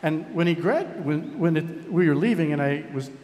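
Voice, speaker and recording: Middle-aged man, fairly high voice, jovial speech, reverberant hall. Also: animated, normal speed, darkish tone. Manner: jovial, engages the audience. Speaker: university president. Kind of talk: speech to families.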